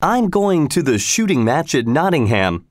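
A man's voice: on the high side, very animated, moderate pace, no room sound, clean studio sound, voice pushed up. A man voicing a bold, boastful young male archer in a storybook reading, proud and challenging. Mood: plain.

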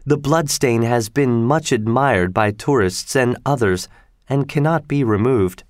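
A grave old housekeeper speaks in a low, solemn, mysterious way, as a male narrator puts her on. Her warnings carry a hushed storybook gravity. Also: a little slow, no echo, clean studio sound, lightly acted. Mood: ominous.

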